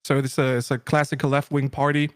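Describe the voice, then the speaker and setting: A man's voice: mid-range voice, completely flat delivery, fast talker, dry recording, clean studio sound. A man from Germany with a German accent, joking wryly as a guest on a livestream call. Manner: joking, wry. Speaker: guest streamer. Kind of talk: casual call conversation.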